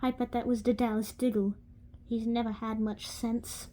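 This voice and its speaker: A woman's voice: fairly high pitch, flat delivery, normal speed, mellow, natural voice. A woman voicing a stern, irritable older woman professor with an attempted accent. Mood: impatient.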